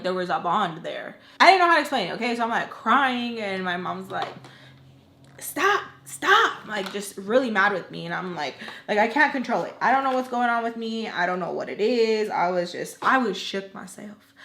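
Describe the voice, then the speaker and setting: A woman's voice: medium pitch, a bit bright. A young woman telling a long personal story in casual chat, emotional and full of "like" fillers. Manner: chatty, emotional, many "like" fillers. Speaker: storytime vlogger. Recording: roomy echo.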